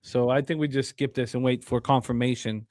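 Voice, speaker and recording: A man hosting a sports betting show, talking casually in a rambling, excitable way with many fillers and restarts. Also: mid-range voice, a little fast, no room sound, clean studio sound.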